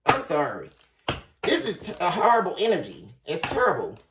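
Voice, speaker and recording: A woman's voice: lowish voice, normal speed, noisy background. A woman giving a tarot reading, talking bluntly with a lot of swearing and ranting. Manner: blunt, profane, animated ranting. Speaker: tarot reader. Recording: roomy, from a distance.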